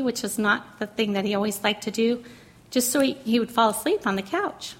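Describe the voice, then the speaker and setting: A middle-aged woman sharing a personal testimony in a sermon, earnest and emotional, drawing words out slowly for emphasis. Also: mid-range voice. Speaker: pastor's wife speaking to a congregation.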